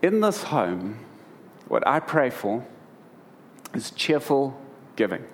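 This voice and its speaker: A man's voice: mid-range voice, big pitch swings, slow, a little hiss or hum. A middle-aged man preaching to a congregation, telling humorous stories about family life. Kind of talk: sermon.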